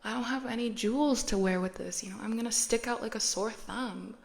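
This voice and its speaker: A woman voicing a discontented young wife who longs for luxury, whiny and wistful, with a gravelly edge. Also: a little high, a little fast.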